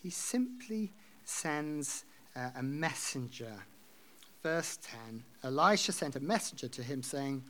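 A man's voice: medium pitch, animated, slow pace, pushed and bright. A man preaching a sermon, reading scripture aloud and explaining it in a conversational way. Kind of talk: expository sermon.

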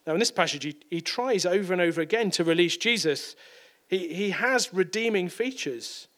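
A man's voice: sits high, lively intonation, normal speed, a bit bright. A man preaching a sermon in a conversational way, often repeating and correcting words.

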